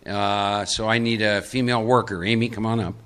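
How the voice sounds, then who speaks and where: A man's voice: on the low side, steady tone, a little fast, a bit bright, slight background noise. A man giving a live recovery workshop talk, conversational and coaxing as he pulls volunteers from the audience into a role-play. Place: meeting room with audience.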